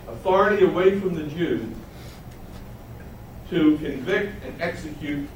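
A man preaching a sermon, teaching verse by verse and throwing rhetorical questions to his listeners. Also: on the high side. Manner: animated, rhetorical questions to the audience. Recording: echoey room heard from a distance, faint noise.

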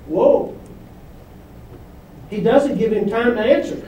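Male pastor, high, mellow voice, slow deliberate delivery, distant echoey church hall. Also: dull audio, a little hiss or hum. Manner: emphatic, call-and-response preaching. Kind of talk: sermon. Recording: echoey room from far off.

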